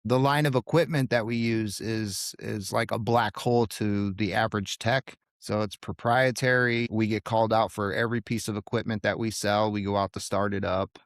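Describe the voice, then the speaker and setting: Animated male podcast guest telling stories. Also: no room sound, clean studio sound. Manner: animated storyteller with quick bursts and jumps in pitch. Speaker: podcast guest, HVAC technician. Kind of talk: casual podcast chat.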